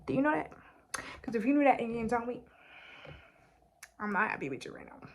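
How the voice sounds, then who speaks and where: A woman's voice: a little high, big pitch swings, brisk, a little hiss or hum. A young woman chatting casually while doing her makeup, sarcastic and full of "like" fillers. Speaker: beauty vlogger. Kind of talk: casual get-ready-with-me chat.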